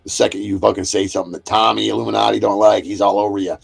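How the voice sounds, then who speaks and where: A man's voice: on the low side, little pitch movement, racing, vocal fry, husky. A man hosting a livestream, delivering a profane and confrontational rant that keeps circling back on itself. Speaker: livestream host. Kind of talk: angry ranting monologue.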